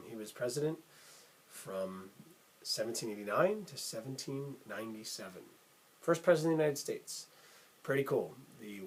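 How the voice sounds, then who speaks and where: A man hosting a casual lesson for children, chatty and upbeat, often calling facts cool. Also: mid-range voice. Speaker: music teacher and channel host.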